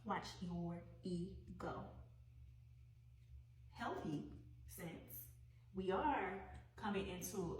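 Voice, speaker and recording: Low-voiced woman musing through a tarot reading. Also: darkish tone, reverberant, recorded from a distance, rough recording. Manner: unhurried, musing aloud, repeats phrases. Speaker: tarot reader.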